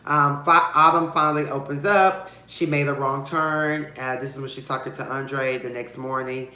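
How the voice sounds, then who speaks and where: A man reviews a show in a casual vlog, gossiping bluntly and with lots of sass. His bright, sharp voice leaps up and down for dramatic effect. The sound has a roomy echo. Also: normal speed. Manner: dramatic, sassy and expressive, with big swings of pitch and loudness; gossipy and blunt, with slang and profanity.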